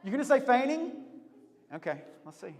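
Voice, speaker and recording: A man hosting a lively game for a group, upbeat and teasing, laughing often. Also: very high voice, normal speed, big-room sound, a crowd in the background. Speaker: youth leader hosting a game.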